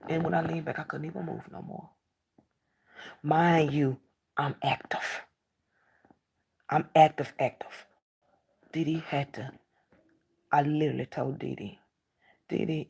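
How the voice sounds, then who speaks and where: A woman's voice: deep voice, gravelly, a little mellow, slightly rough. A middle-aged woman talking casually to the camera, emphatic and repeating herself as she acts out bits of dialogue.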